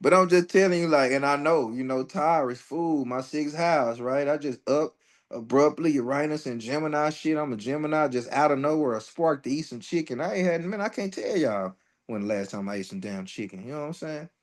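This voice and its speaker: A man's voice: a little high, fairly quick. Guy with running an astrology workshop, cussing and joking around, casual. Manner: loose and profane, jokes and laughs between readings.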